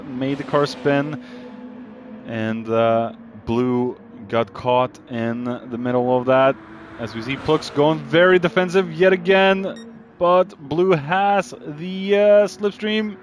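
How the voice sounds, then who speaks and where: A man giving live commentary on a sim racing league, calling overtakes and getting excited, even shouting warnings at drivers. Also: fairly high pitch, takes it slowly, a little hiss or hum.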